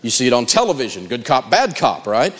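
A man giving a live seminar talk on negotiating, telling stories with animated delivery and acting out the quotes. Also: medium pitch, a little fast, in a large hall. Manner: animated storytelling, acts out quotes. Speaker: negotiation speaker.

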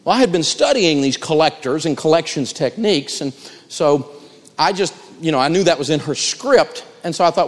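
A man gives a live seminar on negotiating, telling stories with animated energy. His voice sits a touch high for a man, and a long hall reverb trails behind it. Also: brisk. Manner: animated storytelling, acts out quotes. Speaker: negotiation speaker.

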